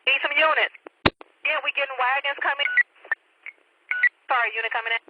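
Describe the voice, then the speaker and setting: Woman dispatcher, high voice, quick talker, urgent repeated warnings, muffled radio. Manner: repetitive, urgent relaying of reports. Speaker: police dispatcher. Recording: muffled scanner radio with loud static.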